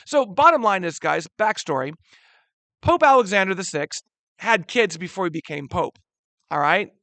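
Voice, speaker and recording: A man teaching a history lesson in a casual, animated way, using slang and often calling his students "guys.". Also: high voice, normal speed, no room sound. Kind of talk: casual classroom lecture.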